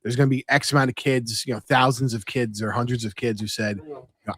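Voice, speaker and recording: A man's voice: medium pitch, fast, breathy edge. Chatty new man, podcast co-host. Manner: chatty storyteller, lots of "you know" and restarts. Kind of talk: casual chat.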